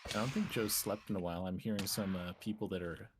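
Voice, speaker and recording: A man streaming a game and chatting casually, run down and talking in a relaxed, rambling way. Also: low-pitched, quick pace, noisy background. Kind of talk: casual chat.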